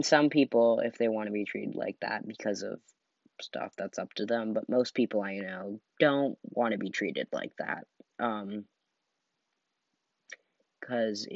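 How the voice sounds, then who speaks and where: On his solo podcast, a weary young man chats loosely and rambles, leaning heavily on "like" and trailing off. He speaks on the low side with a gravelly voice. It's captured in a dull, dry, lo-fi recording.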